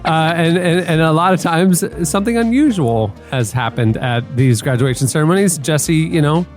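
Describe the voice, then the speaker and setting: A man's voice: on the high side, faint music behind. A man hosting a podcast, reading listener feedback in casual chat and laughing often. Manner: laughs often, drawn-out pauses. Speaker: podcast host.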